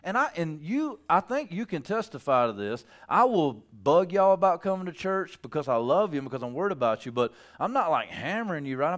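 A man's voice: fairly high pitch, big pitch swings, a little fast, few pauses. A man preaching a sermon in a loose, conversational way, acting out characters with playful voices. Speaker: pastor.

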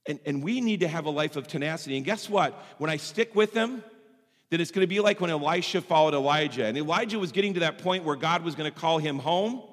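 A man pastor preaching a sermon with strong emphasis, swinging between loud and soft passages. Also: fairly high pitch, lively intonation, fast talker. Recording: long hall reverb.

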